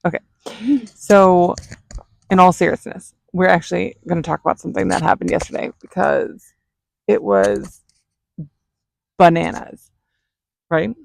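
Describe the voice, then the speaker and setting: A woman vlogger tells a story in an animated, chatty way. Her voice has a gravelly fry. The sound is dry and close. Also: fairly low pitch, a little slow, pauses often, dry recording. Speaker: vlogger, mother. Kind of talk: casual storytelling.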